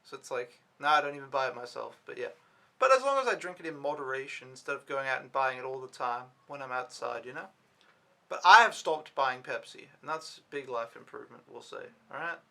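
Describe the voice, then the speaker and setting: A man's voice: medium pitch, brisk, gravelly, pushed and bright. A young man from Denmark, working as an au pair, rambling through a casual vlog recap with lots of fillers and swearing. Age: young adult. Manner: rambling, swears freely, filler-heavy storytelling. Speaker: au pair vlogger.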